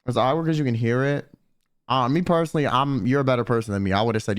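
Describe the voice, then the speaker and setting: A young man, a streamer, telling a profane, animated story in casual chat and quoting people in put-on voices. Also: medium pitch, fast, clean tone.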